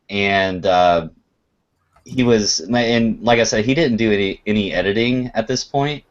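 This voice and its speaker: A man's voice: deep voice, highs cut off. A man in casual livestream chat, telling stories animatedly and swearing freely.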